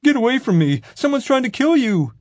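A man voicing a panicky, cowardly young man who wails in a high, whiny voice. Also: lively intonation, brisk, a little mellow, husky, no echo. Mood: panicked.

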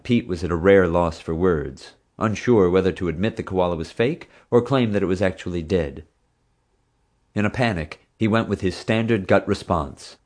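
A man narrating an audiobook in an expressive, dramatic manner. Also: deep voice.

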